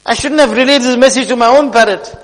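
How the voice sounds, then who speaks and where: A man's voice: extremely high pitch, fast talker, fairly bright tone, pitched above the performer's own voice. A man playing a devout merchant who owns a parrot, speaking in an emotional, exclamatory way. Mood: grieving. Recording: long hall reverb.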